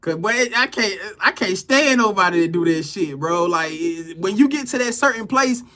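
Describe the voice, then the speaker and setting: A man's voice: sits high, animated, moderate pace, pushed and bright. A man reading tarot cards live for his viewers, talking loosely and animatedly with slang, repetition and swearing. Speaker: tarot reader on a live stream. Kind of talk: casual spiritual talk to viewers.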